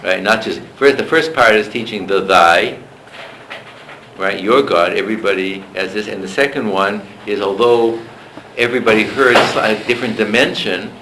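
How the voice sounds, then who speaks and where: Guy lecturing a seminar class, lowish voice, stops and restarts a lot, roomy echo, faint hiss. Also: bright, forceful tone. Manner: discursive, halting, frequent restarts.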